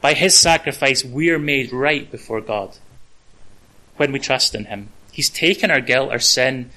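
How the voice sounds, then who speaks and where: A man's voice: medium pitch, a little slow, sharp tone, low-quality recording. A man preaching a conversational sermon, with casual asides and the odd filler.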